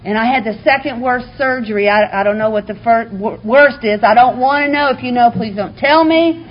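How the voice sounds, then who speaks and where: A woman's voice: fairly high pitch, fairly quick. A woman giving a candid, heartfelt personal testimony to a recovery meeting audience, with touches of wry humor. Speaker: speaker sharing her recovery story. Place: meeting room before a live audience. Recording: muffled lo-fi recording, faint hiss.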